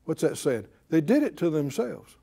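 A man's voice: a little high, very animated, normal speed, creaky, mellow, breathy edge. A man teaching a Bible study, emphatic and full of rhetorical questions to his listeners.

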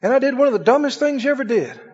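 A man's voice: extremely high pitch, lively intonation, rapid-fire, a little mellow, slightly rough. A man preaching a sermon, chuckling often and asking the congregation questions. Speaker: pastor. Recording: dull, lo-fi sound in a reverberant hall.

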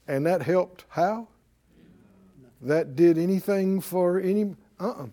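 A man's voice: high-pitched, mellow. A man preaching a sermon, who keeps quizzing his listeners with "Huh?". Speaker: preacher and Bible teacher.

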